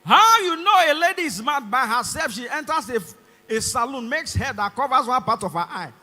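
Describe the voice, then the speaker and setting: A young Nigerian man doing stand-up with a very high, bright voice that jumps all over the place. He performs animatedly into a handheld mic and slips into voices and shouts. Long concert hall reverb trails every line. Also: very animated, moderate pace. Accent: Nigerian English. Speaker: stand-up comedian. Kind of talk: stand-up comedy routine. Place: large concert hall stage.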